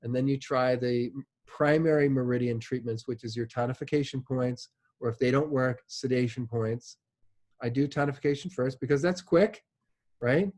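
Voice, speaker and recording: A man's voice: mid-range voice, normal speed, a little mellow. A man giving a classroom lecture in a casual, chatty way, often checking in with "right?" and using many fillers like "like" and "you know". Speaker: instructor.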